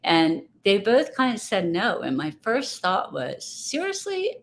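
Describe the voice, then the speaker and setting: A woman's voice: fairly low pitch, big pitch swings, measured pace, gravelly, a bit bright. A woman guest speaking in a casual interview, reflective and rambling, often restarting her thoughts. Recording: faint background noise.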